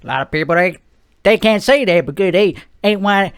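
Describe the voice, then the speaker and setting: A man hosting his own podcast, rambling through a comic monologue in a slow, drawling put-on voice. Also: high-pitched, animated, fairly bright tone, clear, resonant tone, no echo, clean studio sound. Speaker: podcast host.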